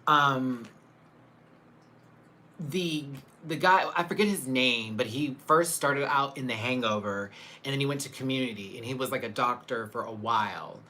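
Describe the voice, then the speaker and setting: A man's voice: medium pitch, normal speed, bright, forceful tone, a little hiss or hum. A man hosting a casual livestream, chatting with viewers, greeting them by name and laughing often. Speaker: livestream host. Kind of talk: casual live chat with viewers.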